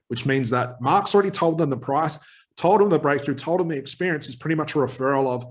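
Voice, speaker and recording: A man's voice: medium pitch, expressive, fast. A man teaching hypnotherapy in a direct talk to camera, emphatic, who acts out short exchanges with clients. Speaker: hypnotherapy trainer.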